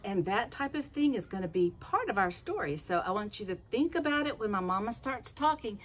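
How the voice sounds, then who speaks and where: A woman telling a story to children in an animated way, often asking the listeners questions. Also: mid-range voice, brisk, slight background noise. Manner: lively, animated storytelling with asked questions to kids.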